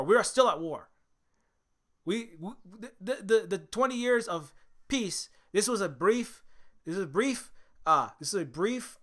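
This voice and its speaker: Man voices a fiery militant on a defiant rant, bright and sharp tone. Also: high voice. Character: fiery male militant insisting on war.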